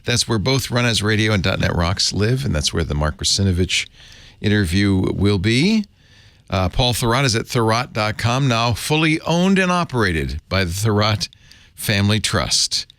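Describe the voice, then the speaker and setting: A man's voice: fairly low pitch, lively intonation, moderate pace, a bit bright, no echo. A man hosting a podcast in an easygoing, jokey way, chatting casually and reading the show's plugs. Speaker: host. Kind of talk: casual podcast chat and show outro.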